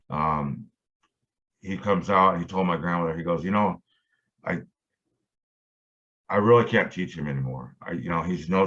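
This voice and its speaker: Middle-aged guy with a real low voice, rambling story full of ums, kinda muffled lo-fi sound. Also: a bit bright. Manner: rambling, many fillers and restarts. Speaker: guitarist guest. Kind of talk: casual storytelling interview. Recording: dull lo-fi audio.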